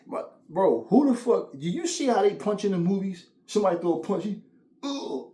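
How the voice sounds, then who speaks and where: A man hosting a commentary vlog, ranting in a blunt, profane, animated way. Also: high-pitched, a little fast. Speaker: channel host.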